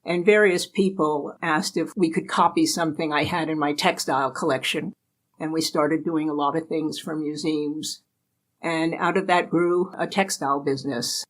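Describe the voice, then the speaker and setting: In a low-quality recording, an older American woman with a deep, fairly even voice shares anecdotes at a moderate pace. She's a chatty interview guest who laughs a lot during this casual storytelling conversation.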